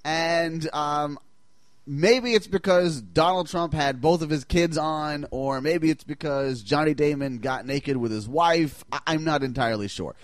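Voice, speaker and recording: A man hosts a podcast in easygoing chat, his voice a little higher than most. He talks with playful, mock-enthusiastic energy and slips into acting out what he describes. The sound is dry and close, with no room around it. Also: measured pace, no echo. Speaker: podcast host. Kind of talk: casual chat.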